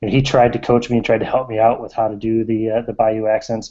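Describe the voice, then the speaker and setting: A man's voice: fairly low pitch, little pitch movement, fast talker, warm tone, dull audio. A man on a video call talking casually and self-deprecatingly as a game master, with lots of hesitant fillers. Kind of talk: casual group chat.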